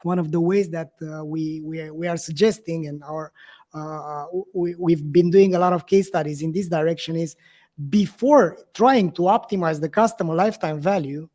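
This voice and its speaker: A man's voice: fairly high pitch, steady tone, moderate pace, warm tone. A man from Romania, hosting an interview and talking conversationally, hesitating often with fillers. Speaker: host.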